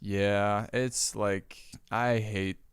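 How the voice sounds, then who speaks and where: A man from Wisconsin hosting a casual podcast chat, laid-back and quick to laugh. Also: lowish voice, steady tone, clear, resonant tone, no room sound, clean studio sound. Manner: laid-back, laughs often, short replies. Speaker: podcast host.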